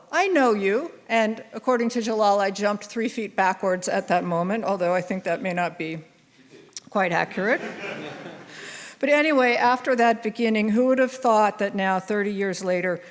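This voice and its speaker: An older woman delivering a formal award tribute in a measured way, pausing often with small hesitations. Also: mid-range voice. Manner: warm, measured, with frequent hesitations. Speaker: award presenter giving a laudation. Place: large conference hall on stage. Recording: long reverb of a large hall.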